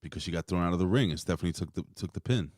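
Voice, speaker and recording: A man co-hosts a casual wrestling review chat, joking, swearing, and mocking the wrestlers with impressions. His voice sits low and is a little mellow, and he talks very fast. The studio sound is clean, with no room sound.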